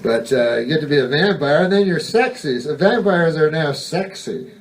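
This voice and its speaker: A man doing a stand-up routine, rambling and deadpan, correcting himself and swearing casually, recorded live on stage. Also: a little high, normal speed, distant mic. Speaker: stand-up comedian.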